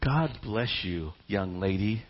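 A man's voice: lowish voice, lively intonation, takes it slowly. A man voicing an older, humble and gracious landowner who gushes with praise, on a dull lo-fi recording. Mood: gushing.

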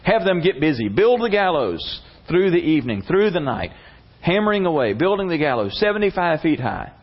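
A man voicing a scheming male royal official, ranting indignantly in a high, strained voice on a dull lo-fi recording. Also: big pitch swings, moderate pace, breathy edge, full character voice. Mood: gloating.

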